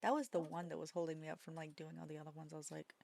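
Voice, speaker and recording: A woman's voice: deep voice, flat delivery, racing, gravelly, a little mellow, dry recording. A woman live-streaming a game from home, chatting casually, self-mocking and swearing freely.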